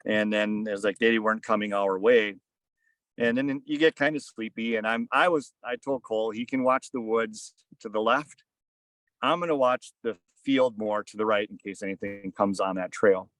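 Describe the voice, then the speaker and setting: A man guest on a podcast telling a story casually, rambling with many fillers and hushing his voice for quoted asides. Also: fairly low pitch, normal speed, no room sound, poor audio. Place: outdoors on a fishing boat.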